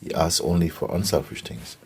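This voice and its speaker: A man giving a gentle spiritual talk and telling stories, often checking in with his listeners. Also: very deep voice, vocal fry, slight background noise. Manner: gentle, unhurried, keeps asking "you see?". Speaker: spiritual teacher.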